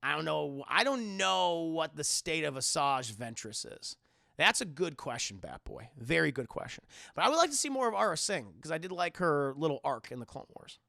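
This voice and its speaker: A man chats on a livestream in a fast, rambling way, often swearing and laughing. His voice is bright and gravelly with a lively, swooping pitch. The sound is dry and close to the mic. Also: no echo. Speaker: livestream host. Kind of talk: casual chat answering viewer questions.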